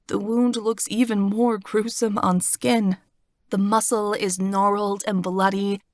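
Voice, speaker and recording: A woman narrates a first-person fantasy novel in a steady, expressive voice pitched in the middle range. Her voice sits close to a studio mic, dry and without any room echo. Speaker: audiobook narrator.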